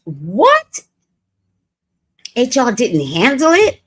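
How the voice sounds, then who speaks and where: A woman hosting a livestream, talking in a brash, profane, storytelling way. Her pitch jumps and swoops all over as she chats with her viewers. Her voice sits in a middle register. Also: very animated, measured pace. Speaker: livestream host and reader. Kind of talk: casual livestream chat. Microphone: streaming setup.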